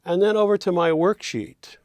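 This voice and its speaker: A man teaching songwriting, thinking aloud as he drafts lyrics and quietly hums and sings the lines he is trying out. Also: high voice, animated, moderate pace, no room sound.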